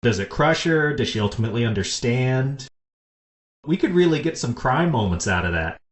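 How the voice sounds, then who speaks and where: A man hosts a casual podcast chat and eagerly pitches story ideas, often breaking into laughter. His voice sits at an average pitch and sounds echoey, as if in a roomy space. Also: animated, moderate pace. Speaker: podcast host. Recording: echoey room.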